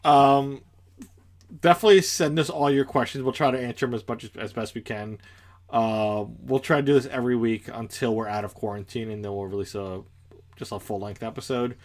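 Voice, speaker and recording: A man's voice: mid-range voice, steady tone, fairly quick. A man co-hosting a podcast in casual chat, hesitant and circling back as he argues a point. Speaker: podcast co-host.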